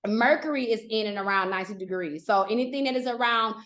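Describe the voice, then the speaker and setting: High-voiced chatty woman teaching astrology. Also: quick pace. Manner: chatty, animated, acts out quotes, frequent "okay?" check-ins. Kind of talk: live class, casual teaching.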